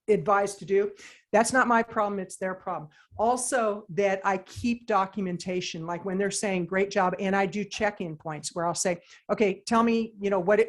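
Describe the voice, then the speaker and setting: Woman guest, consultant type, emphatic and animated storytelling in a conversational interview. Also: medium pitch.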